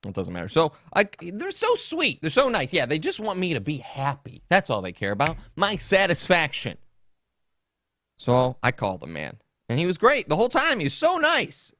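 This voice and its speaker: A man's voice: a little high, wildly swooping pitch, normal speed, bright, forceful tone, no echo. A man hosting a podcast, telling a story in a casual, comedic way, indignant and swearing freely. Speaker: podcast host.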